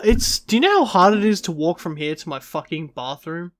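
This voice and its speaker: Excitable, swearing young-sounding male co-host. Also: sits high, fairly quick, no room sound, studio quality. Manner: excitable, profane, playful. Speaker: podcast co-host. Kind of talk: casual podcast banter.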